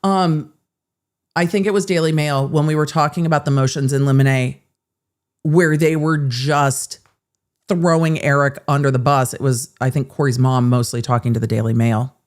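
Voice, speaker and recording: A woman's voice: extremely low pitch, steady tone, normal speed, a little mellow. A woman hosting live legal commentary, sarcastic and blunt, and she swears freely. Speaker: host.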